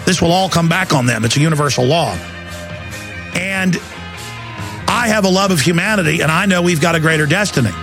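A forties-aged Texan hosting political talk radio rants and rambles through intense, emphatic stories. His voice is on the high side, brisk but pausing often, in a dry studio with faint music.

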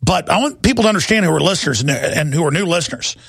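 Thirty-something guy ranting on his radio show, high raspy voice, dry close studio sound, keeps blowing up into yelling. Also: expressive, racing, no echo. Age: 30s. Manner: impassioned ranting, breaks into shouting. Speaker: radio host. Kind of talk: talk radio monologue. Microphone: radio studio microphone.

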